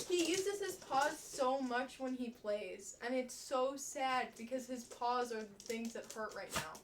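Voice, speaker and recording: A woman's voice: on the high side, lively intonation, measured pace, hardly any pauses, distant mic. A young woman streaming from home, cooing gushing baby talk to her dog. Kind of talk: casual chat on stream. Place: home indoors. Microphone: headset set aside. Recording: off-mic with faint noise.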